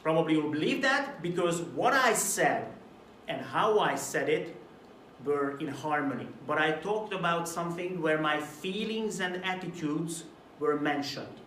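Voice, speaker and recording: A man's voice: a little high, measured pace. Man, from Hungary, presentation coach, video talk, distant mic, echoey room, faint background hum. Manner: animated, demonstrates flat and mumbled delivery as examples. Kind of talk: recorded video talk to camera.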